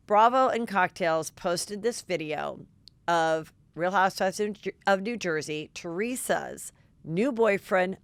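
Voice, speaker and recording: A middle-aged woman hosting a podcast, telling gossipy stories in a lively, chatty way. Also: on the low side, clean tone, no echo. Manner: gossipy, animated, quick asides. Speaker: podcast host. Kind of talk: casual chat.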